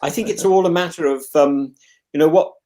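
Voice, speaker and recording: A man's voice: on the high side, a little fast, dark tone. An English man hosting a casual chat, rambling and musing, with frequent restarts and stammered repeats. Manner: musing and discursive. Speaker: host.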